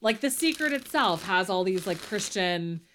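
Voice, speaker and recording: A woman co-hosting a relaxed podcast conversation. She muses out loud and gets ranty, often breaking off mid-sentence and starting again. Her voice sits at an everyday middle pitch. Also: moderate pace, a little hiss or hum. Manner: thoughtful, ranty, trails off and restarts. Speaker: podcast co-host. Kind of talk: casual chat.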